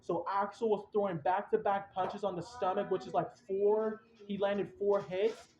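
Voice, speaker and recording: A young man hosting a podcast, excitedly retelling events in a rambling, casual way with slang. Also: sits high, moderate pace, slight background noise. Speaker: podcast host. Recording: roomy, dull lo-fi sound.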